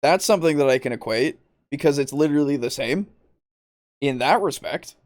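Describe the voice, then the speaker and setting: An exasperated man rants on a podcast, swearing freely and laughing as he argues. His pitch swings widely and animatedly. The sound is dry and close. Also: animated, a little fast, no room sound. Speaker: podcast host. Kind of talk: ranting podcast discussion.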